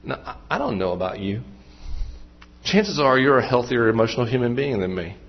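A man's voice: medium pitch, lively intonation, brisk, breathy edge. A man preaching a sermon as pastor, conversational and self-deprecating, with asides and restarts. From Western Maryland. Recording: muffled, dull sound.

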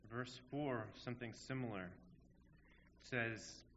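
A man's voice: mid-range voice, slow pace, a bit bright, slight background noise. A man preaching a sermon in an earnest, emphatic way, asking rhetorical questions. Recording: dull audio in a long-reverb hall.

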